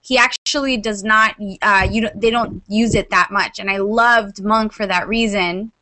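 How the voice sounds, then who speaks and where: A woman co-hosting a casual podcast, animated and laughing between phrases. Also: mid-range voice, moderate pace. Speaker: podcast co-host.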